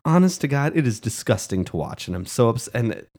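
A man's voice: mid-range voice, very animated, brisk, a little mellow. A man retelling a show's story in casual commentary, passionate, indignant and emotional. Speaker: show recapper.

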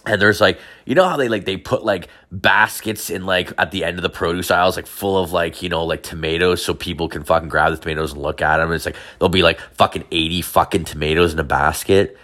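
A man's voice: deep voice, steady tone, fast talker, few pauses, bright, forceful tone. A young man telling crude stories in a rambling, casual way, full of filler words and swearing. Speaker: storyteller. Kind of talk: casual storytelling.

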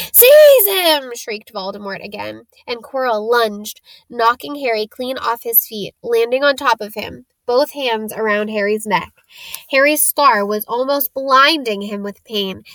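A woman narrating a storybook chapter in a slow, dramatic reading. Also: on the high side, fairly bright tone, dry recording, low-quality recording. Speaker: audiobook narrator.

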